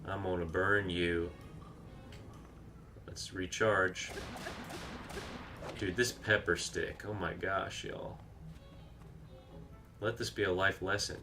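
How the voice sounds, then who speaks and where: A man's voice: low voice, fairly even intonation, takes it slowly, pauses often, music in the background. A man streaming a video game, chatting casually, reacting aloud to the action and reading out viewer comments. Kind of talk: live gameplay commentary.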